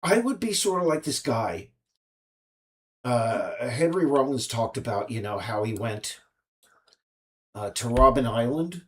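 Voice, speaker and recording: A man's voice: medium pitch, animated, fairly bright tone. A man, an indie game developer, talking alone in a rambling monologue, stopping and restarting often. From United States. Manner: halting, many restarts and fillers.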